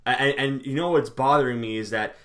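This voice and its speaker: A man co-hosting a casual sports talk show, relaxed and joking, often repeating his phrases. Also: medium pitch, fast talker. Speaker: co-host.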